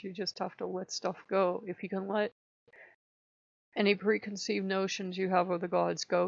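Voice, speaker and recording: A woman's voice: lowish voice, vocal fry, dry recording. A woman vlogger telling a spiritual story in a casual, rambling way with many fillers. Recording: dull lo-fi sound.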